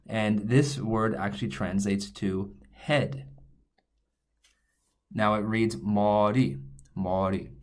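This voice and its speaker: A man teaching a lesson in a relaxed, step-by-step way, thinking aloud as he writes and explains each letter. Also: fairly low pitch. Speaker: language teacher. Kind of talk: recorded online lesson, writing on screen.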